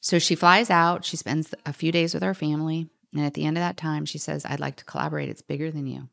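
A middle-aged woman telling a personal story as a podcast guest, animated, quoting others and sometimes dropping to a whisper. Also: low voice, fast talker, vocal fry. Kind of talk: storytelling in conversation.

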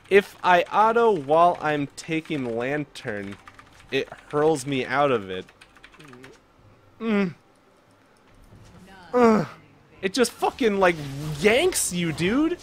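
A young man giving casual gameplay commentary, chatting calmly one moment and yelling at the game the next. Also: a little high, unhurried, a little hiss or hum. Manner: excitable, swings from calm chatter to yelling at the game.

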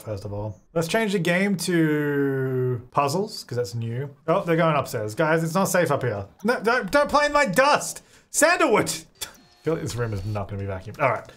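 A young man casually commenting while he plays a life-sim game, chatting to his characters and laughing often. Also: mid-range voice. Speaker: gaming channel host. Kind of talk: casual let's-play commentary.

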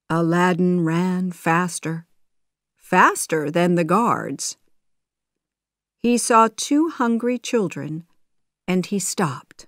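A woman narrating a children's storybook in a clear, measured way. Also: lowish voice, no room sound, clean studio sound. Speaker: audiobook narrator. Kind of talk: scripted storybook narration for learners.

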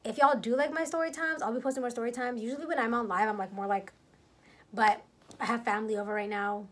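A woman's voice: fairly high pitch, steady tone. A young woman casually retelling a story for her vlog, quoting herself and others, filling it with "like" and keeping her voice down on purpose. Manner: kept deliberately quiet so family downstairs won't hear. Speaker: vlogger telling a story.

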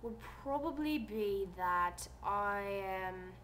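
A seventeen-year-old American girl chatting casually on her vlog, rambling softly and trailing off. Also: mid-range voice, expressive, drawn-out words, slight background noise. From United States. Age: teens. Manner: soft, rambling, trailing off quietly. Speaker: vlogger.

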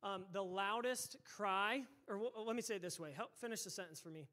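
A male pastor preaching a sermon, energetic and emphatic, firing off rhetorical questions at his congregation. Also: high voice, fairly quick. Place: church sanctuary.

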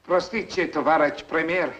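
A man's voice: fairly high pitch, steady tone, normal speed, fairly bright tone, close to an everyday voice. A man playing an anxious, deferential Soviet radio operator in a 1950s film. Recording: muffled old film soundtrack with hiss.

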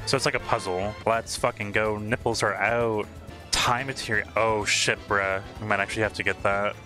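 A young man streaming a game, reacting out loud, excitable and swearing a lot as he talks to the screen. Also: on the low side, normal speed, faint music behind. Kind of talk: casual reaction commentary. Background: game soundtrack and game dialogue.

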